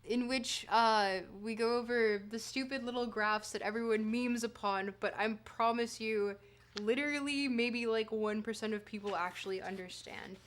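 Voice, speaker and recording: On her livestream, a streamer whose first language is French reads a dense passage and keeps stopping to talk with her audience. She sounds a little high, relaxed and jokey, with casual swearing, fairly even intonation and normal speed.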